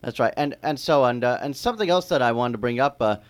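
A man co-hosting a radio talk show, speaking hesitantly with lots of fillers. His pitch moves in a lively way. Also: fast talker. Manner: hesitant, with many fillers and restarts. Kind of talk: casual radio chat.

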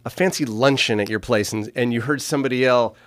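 A man's voice: mid-range voice, fast, dry recording. A man hosting a casual radio interview, playful and teasing, often laughing with his guest. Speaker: radio show host.

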